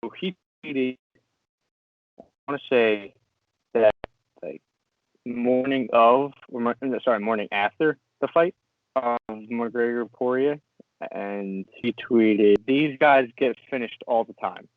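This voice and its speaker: A man co-hosting a casual sports podcast, excitable and laughing often as he reads posts aloud. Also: medium pitch, slow pace, long pauses, dry recording. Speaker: podcast co-host. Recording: dry, tinny phone-like sound.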